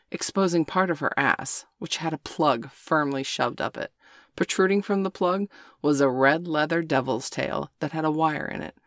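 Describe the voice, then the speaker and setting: A woman narrating a scripted erotic story in a steady, unhurried reading voice. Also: low voice, dry recording, clean studio sound.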